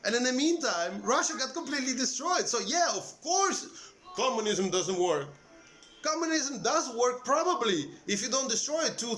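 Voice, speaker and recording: Heated, profane man ranting, high voice. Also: a bit bright. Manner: profane, heated, trailing restarts and fillers. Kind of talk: casual rant to camera. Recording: echoey room with faint background noise.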